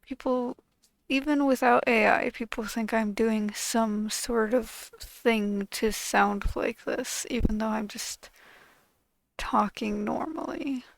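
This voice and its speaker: Woman, high voice, gravelly fry, unhurried, bitter profane venting. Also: fairly even intonation, no echo, poor audio. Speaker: channel host. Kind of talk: venting to camera.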